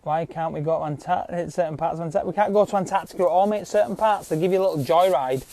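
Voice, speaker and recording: A man's voice: on the high side, very fast, warm tone, no room sound. A man with speech ranting to viewers in a rambling, insistent way, swearing often and adding "yeah?" to his points. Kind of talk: casual rant to viewers.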